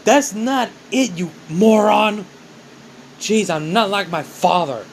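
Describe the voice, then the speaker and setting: A man's voice: high voice, lively intonation, slow, slight background noise, pitched above the performer's own voice, heavily acted. A man voicing a hot-tempered teenage boy hero who swears bluntly. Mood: angry.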